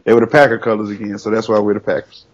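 A man's voice: fairly low pitch, level tone, very fast. Playful laughing man on a lo-fi call. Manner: laughing, playful, repeats words. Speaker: podcast co-host. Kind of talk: casual podcast banter.

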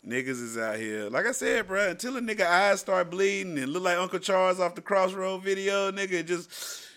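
Animated male co-host, bright tone, swearing casual banter. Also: normal speed. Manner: loud, animated, swears freely, puts on mocking high voices. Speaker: podcast co-host. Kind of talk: casual chat.

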